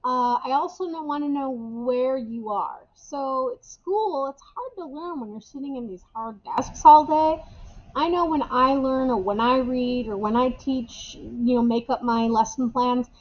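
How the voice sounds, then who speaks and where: A woman's voice: high voice, measured pace, muffled recording. A woman English teacher, talking casually to her remote students while she records class instructions on a camera at home. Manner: casual, chatty, repeats key phrases. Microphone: webcam or camera microphone.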